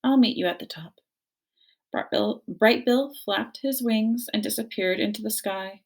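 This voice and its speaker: A woman reads a children's novel aloud in a gentle, expressive storytelling voice. Her tone is gravelly with fry, at a middle pitch. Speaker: reader.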